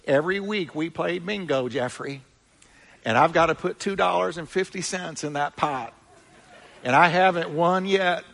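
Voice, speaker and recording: A man's voice: fairly high pitch, moderate pace, vocal fry, a bit bright, a faint crowd, pitched above the performer's own voice. A man putting on a chatty elderly mother. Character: elderly mother, chatty, bingo-loving woman.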